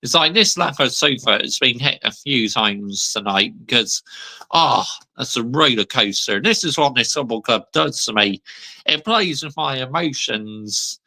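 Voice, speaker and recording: A man's voice: mid-range voice, animated, unhurried, vocal fry, pushed and bright. A man in his thirties ranting on a fan vlog, heated and sweary, still seething after a defeat. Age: 30s. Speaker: football fan vlogger.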